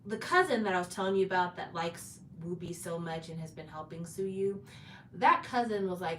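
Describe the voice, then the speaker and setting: A woman's voice: on the low side, moderate pace, a bit bright. A woman retelling a drama's plot in a chatty, casual way, with fillers and restarts. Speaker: drama recap host. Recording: roomy echo, distant from mic, faint background noise.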